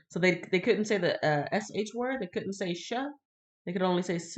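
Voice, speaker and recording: A woman reading the Bible on a livestream and chatting with viewers in a casual, animated way. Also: lowish voice, fairly quick. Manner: chatty, addresses viewers directly; animated, laughs and greets viewers. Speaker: livestream host.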